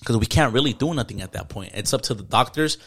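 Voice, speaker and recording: Man, rapid casual storytelling, lots of swearing, mid pitch. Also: animated, gravelly, a bit bright. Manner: storytelling with heavy swearing and slang. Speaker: podcast co-host. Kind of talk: casual chat.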